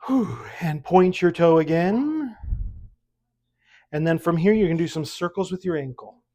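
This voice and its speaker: An instructor leads a seated exercise class at home, counting each rep aloud. The coaching is upbeat, steady and mid-pitched, broken up by light jokes. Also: measured pace. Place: at home with pets around.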